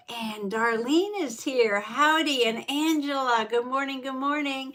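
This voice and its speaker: A woman hosting a craft journaling live stream, greeting viewers by name in a folksy, chatty way with soft laughs. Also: a little high, moderate pace, hardly any pauses. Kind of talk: casual live-stream chat.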